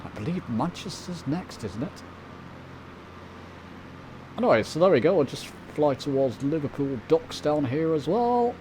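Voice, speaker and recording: A man's voice: a little high, very animated, measured pace, pauses often, warm tone, slight background noise, rough recording. Chatty British man narrating a flight sim. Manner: chatty, talks to viewers while flying. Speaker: flight sim video host. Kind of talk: casual commentary over gameplay.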